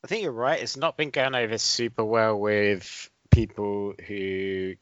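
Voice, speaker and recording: A man co-hosting a casual podcast, speaking in a measured way with dry teasing. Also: fairly low pitch, fairly even intonation, fairly bright tone, dry recording. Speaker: podcast co-host. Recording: dry, slightly dull lo-fi sound.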